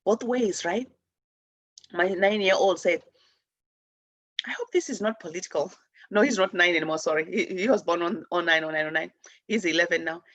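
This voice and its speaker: A woman's voice: lowish voice, brisk, a bit bright, dry recording, dull audio. A woman from Zimbabwe hosting a spiritual talk show, speaking earnestly and rambling with many restarts. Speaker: host.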